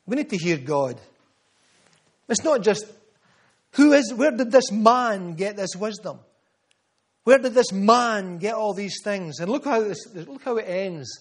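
A Scottish pastor delivers a sermon in a noticeably high voice. He drives his points home with emphatic repetition, then drops into quieter asides.

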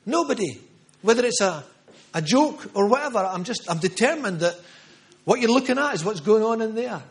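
A man's voice: high-pitched, lively intonation, moderate pace. A middle-aged man preaching a charismatic sermon with prophetic words, fervent and emphatic, repeating phrases for stress. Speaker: pastor.

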